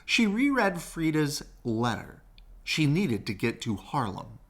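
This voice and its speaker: A man reads a children's picture book aloud at an unhurried pace, sounding like a bedtime story reader. His slightly high voice is expressive, rising and falling in a lively sing-song.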